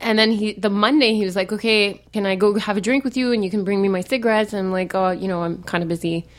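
A young woman, co-hosting a podcast in casual chat, telling an animated story and swearing freely. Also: mid-range voice, fast. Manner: animated storyteller, acts out quoted texts, swears. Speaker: podcast co-host.

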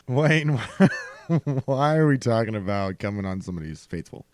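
A man's voice: medium pitch, lively intonation, a little slow, no room sound, studio quality. A man co-hosting a comedy podcast, throwing in sarcastic remarks. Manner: sarcastic interjections, laughs often. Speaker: podcast co-host. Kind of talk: casual comedic podcast banter.

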